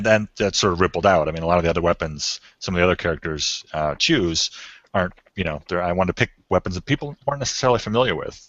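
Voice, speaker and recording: A deep-voiced man, an author, talks through his choices in a relaxed interview, pausing and restarting as he thinks and laughing easily. The audio is dull and lo-fi, with a dry, close sound. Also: dry recording. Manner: thoughtful, self-correcting, laughs easily. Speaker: author and guest. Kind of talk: podcast interview chat.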